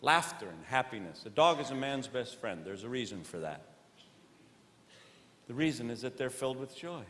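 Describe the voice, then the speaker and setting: A man performing live stand-up comedy on stage. He questions audience members directly and swings between earnest preaching and loud comic bits. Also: medium pitch, very animated, moderate pace. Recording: long hall reverb, faint noise.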